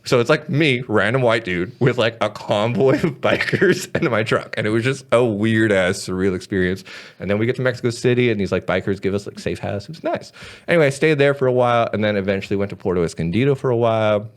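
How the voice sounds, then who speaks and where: A man's voice: on the low side, fast. A man in his thirties, a podcast guest, telling wild stories in a casual, profane way, with lots of "like". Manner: animated, profane, says "like" a lot. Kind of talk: casual storytelling chat.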